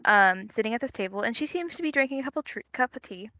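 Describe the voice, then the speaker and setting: A woman's voice: on the high side, lively intonation, quick pace, pushed and bright, dry recording, studio quality. A woman running a tabletop game as game master, describing scenes in a rambling, casual way with many fillers.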